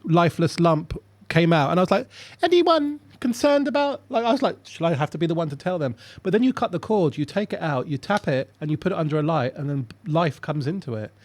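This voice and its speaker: A man with a high voice tells comic stories in an animated way. He slips into voices for the punchlines. The sound is dry and close. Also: brisk, hardly any pauses, no echo. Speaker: comedian guest. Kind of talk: casual chat, comic storytelling.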